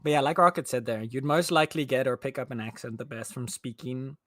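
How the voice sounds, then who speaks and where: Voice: mid-range voice, fast talker, dry recording, clean studio sound. A friend chatting casually during a game stream, explaining points thoughtfully with frequent hedges. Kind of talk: casual chat while gaming.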